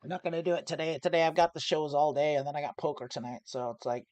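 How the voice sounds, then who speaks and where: A woman's voice: low-pitched, fast, a little mellow, no room sound. A woman streaming from home, casually explaining her poker plays with some swearing. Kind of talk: casual play-by-play commentary.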